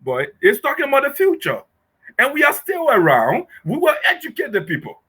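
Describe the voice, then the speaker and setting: A man's voice: extremely high pitch, wildly swooping pitch, brisk, bright, forceful tone. A man giving impassioned political commentary, emphatic and rhetorical, often asking "okay?". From Liberia.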